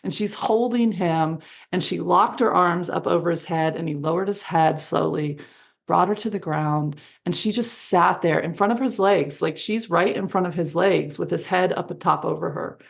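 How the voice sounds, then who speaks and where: A woman with a fairly low, creaky voice speaks at a normal pace. She's a guest in an interview, animatedly telling a story and acting out quoted dialogue with laughs.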